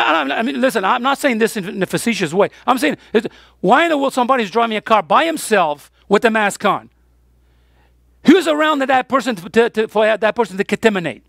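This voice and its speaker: A man's voice: high voice, gravelly, fairly bright tone, no room sound, clean studio sound. A man preaching a sermon as pastor, emphatic, with his voice rising on the key points.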